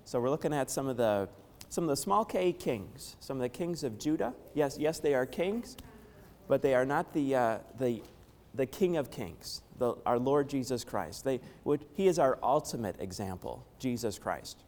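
A man with a hoarse voice from a head cold, preaching a sermon in a chatty way and asking the congregation questions. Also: medium pitch, lively intonation, normal speed, darkish tone, slight background noise. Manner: conversational, asks the congregation questions. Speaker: pastor. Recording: long hall reverb.

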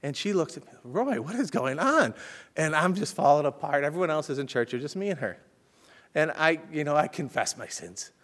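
A man preaching a sermon as a personal story, swinging between loud urgent bursts and hushed, soft passages. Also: a little high, a little fast. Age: adult with children. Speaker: pastor.

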